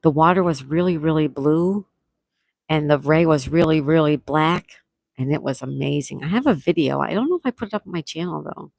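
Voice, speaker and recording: Gravelly-voiced woman chatting on a livestream. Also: low voice, a little fast, darkish tone, no echo, studio quality. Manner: chatty, reads out viewer comments, laughs often. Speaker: livestream host. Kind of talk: casual livestream chat, reading comments.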